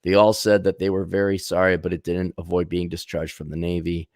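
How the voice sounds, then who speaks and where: A man's voice: low voice, little pitch movement, a little fast, no echo, studio quality. A man giving ranting commentary in a blunt, sarcastic, mocking manner.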